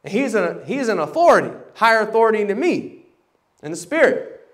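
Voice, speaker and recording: A man preaching a sermon, animated and dramatic, acting out voices and swinging from loud bursts to hushed tones. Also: sits high, brisk. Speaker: pastor. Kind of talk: sermon storytelling. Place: church service.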